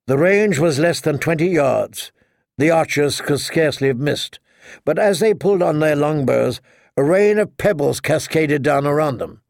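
Gravelly male audiobook narrator. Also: a little high, no echo, studio quality. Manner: steady, measured reading. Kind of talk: scripted narration.

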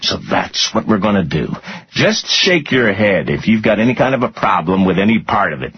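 Man playing a hard, menacing tough guy, deep husky voice, dull lo-fi audio. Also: very animated, moderate pace, noisy background. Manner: cold, blunt, threatening. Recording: muffled lo-fi audio.

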